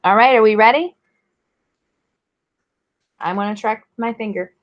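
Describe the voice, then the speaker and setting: Slow, encouraging woman teaching reading. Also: on the high side. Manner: encouraging, sounding out letters slowly and clearly. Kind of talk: online reading lesson for young children. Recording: dull lo-fi recording.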